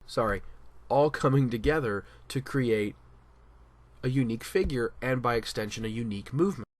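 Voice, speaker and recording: A man talking through a casual opinion commentary, animated and emphatic, often restarting his sentences. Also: mid-range voice, moderate pace. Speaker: commentary vlogger.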